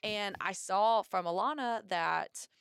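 A young American woman, a Marine officer and athlete, telling her story in a casual podcast interview with lively energy and acted-out quotes. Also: medium pitch, takes it slowly, creaky, clean tone, dry recording, studio quality. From United States. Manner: energetic, upbeat storyteller who acts out quotes.

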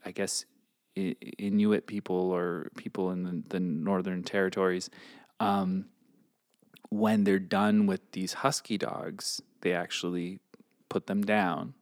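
A man's voice: sits low, level tone, slow pace, dry recording, clean studio sound. A man co-hosting a podcast in casual chat, playful and jokey, telling wandering anecdotes with plenty of fillers. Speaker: podcast co-host.

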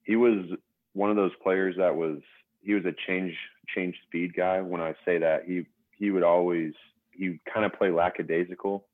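A young adult man, a former pro basketball player, telling stories as a guest in a relaxed casual podcast interview, over a tinny phone-like line. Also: low voice, moderate pace, dry recording. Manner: relaxed storytelling with fillers.

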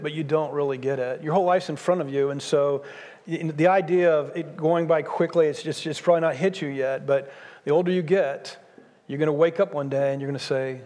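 A man's voice: a little high, a little mellow. A man in his sixties, a pastor preaching a sermon, speaking emphatically and repeating his key phrases. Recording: long hall reverb.

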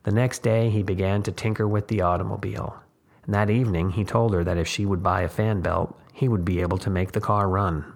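Gravelly, low-voiced male storyteller. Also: fairly even intonation, a little fast. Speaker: narrator. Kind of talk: story reading.

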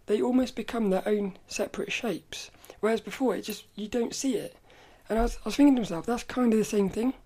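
A woman's voice: fairly high pitch, a little fast, few pauses, warm tone. A woman hosting her own podcast in casual solo chat, rambling and stopping to restart her sentences. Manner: rambling, stop-start, self-correcting. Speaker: podcast host.

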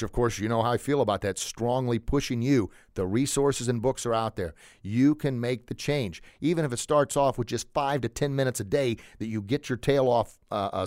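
A man's voice: medium pitch, no echo, studio quality. Emphatic man hosting a motivational podcast. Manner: energetic, emphatic, repeats phrases for effect; chuckles now and then. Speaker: podcast host.

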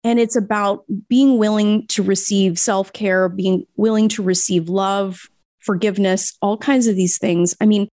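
A woman's voice: medium pitch, darkish tone, dry recording, clean studio sound. An American woman hosting a podcast interview, effusive and emphatic, with a somewhat nasal voice. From United States. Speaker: podcast host.

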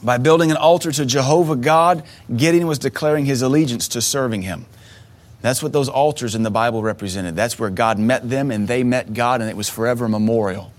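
A man's voice: mid-range voice, brisk. A man in his thirties preaching a sermon, earnest and emotional, often restarting his words as he tells a personal story. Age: 30s. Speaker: pastor.

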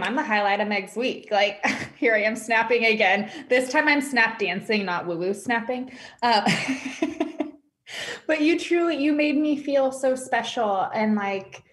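A woman who used to be a client joins a podcast over a video call as a guest, chatting casually and effusively and saying "like" again and again. Her voice is on the high side, a bit bright, and unhurried.

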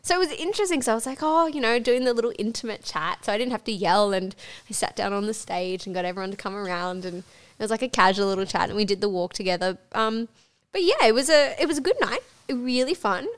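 A woman's voice: medium pitch, lively intonation, quick pace, smooth. A young woman co-hosting a podcast, talking candidly and giggling, with lots of fillers. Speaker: podcast co-host. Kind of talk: casual chat.

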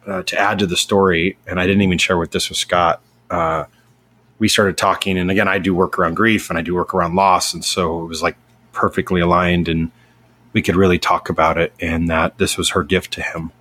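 Middle-aged male host, deep and monotone, earnest rambling storyteller. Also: brisk. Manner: earnest, rambling, with many fillers and restarts. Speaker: podcast host. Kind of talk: personal storytelling.

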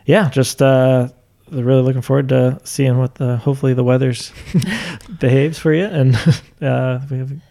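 A man's voice: mid-range voice, steady tone, moderate pace, vocal fry, warm tone. A man co-hosting a local food podcast, talking casually with lots of fillers and restarts. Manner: rambling, many fillers and restarts. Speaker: podcast co-host.

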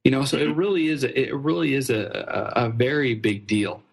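Husky, earnest male storyteller. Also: mid-range voice, moderate pace. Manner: earnest, animated storyteller with frequent restarts. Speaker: ministry fundraising trainer, guest. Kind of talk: conversational storytelling interview.

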